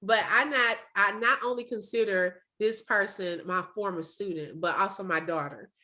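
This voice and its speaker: A woman's voice: medium pitch, moderate pace, bright, forceful tone. A woman, a former teacher hosting a casual video-call chat, speaks in an effusive, emotional way and keeps repeating herself for emphasis.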